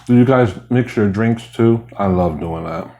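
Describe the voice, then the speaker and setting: A man's voice: lowish voice, unhurried, dark tone, a little hiss or hum. A man vlogging while he eats, chatting casually and rambling between bites. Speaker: mukbang vlogger. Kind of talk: casual chat while eating.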